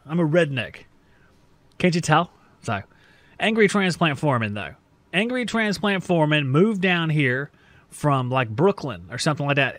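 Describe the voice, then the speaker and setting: A man from the American South talks through his podcast in a loose, joking, self-deprecating ramble. His voice sits a little high for a man. The sound is close and dry, with no room behind it. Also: no room sound. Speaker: podcast host. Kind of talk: casual monologue.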